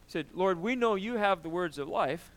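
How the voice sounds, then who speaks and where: Male pastor delivering a sermon; higher pitched and resonant, emphatic and conversational. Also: normal speed. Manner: animated, emphatic preaching with frequent "right?" and throat clearing.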